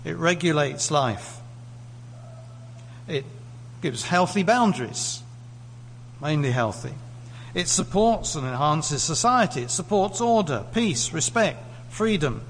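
A man's voice: on the high side, lively intonation, takes it slowly, fairly bright tone. A man from the UK preaching a sermon in a conversational way, putting questions to the congregation. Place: church hall. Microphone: lectern mic. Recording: echoey hall, faint hum.

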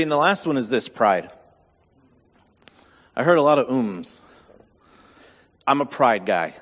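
Candid pastor preaching in a reverberant hall. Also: male voice, a little high. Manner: candid, self-deprecating, conversational. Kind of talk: sermon.

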